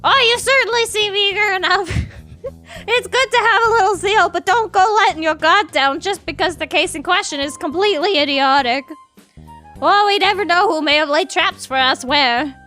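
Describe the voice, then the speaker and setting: A woman's voice: extremely high pitch, moderate pace, bright, forceful tone, soft background music, voice pushed up. A woman voicing a formal, scolding male bird teacher in a put-on French accent in a game playthrough. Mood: stern.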